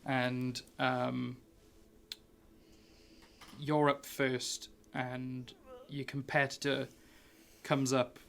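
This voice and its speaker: A man's voice: medium pitch, flat delivery, very slow, creaky, pauses often, fairly bright tone, slight background noise. A man running a tabletop game, narrating in a rambling way and laughing often. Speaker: game master.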